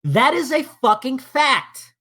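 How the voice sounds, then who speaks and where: In a casual podcast argument, a male co-host pushes his point emphatically, swearing a lot and stumbling over his words as he gets going. His voice is very high and sing-song, slow and bright, with a forceful tone.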